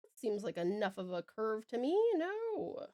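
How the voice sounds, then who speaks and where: A woman's voice: on the high side, big pitch swings, a little slow, a little mellow, dry recording, studio quality. A young Australian woman streaming while she draws, reading chat aloud and chatting in a bubbly, giggly way. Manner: bubbly, giggly, greets viewers with pet names.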